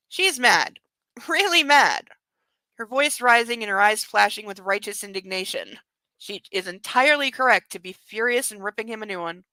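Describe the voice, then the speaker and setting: A woman's voice: on the high side, animated, normal speed, bright, forceful tone, no echo, poor audio. A woman reading a book aloud and breaking off with exasperated, mocking commentary that swears freely. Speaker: book club host.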